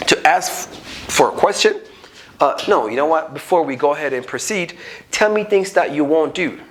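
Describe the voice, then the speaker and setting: A man's voice: fairly high pitch, normal speed. A man with an Ethiopian accent teaching an unscripted English grammar lesson, acting out little everyday dialogues as he explains. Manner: animated, acts out little dialogues.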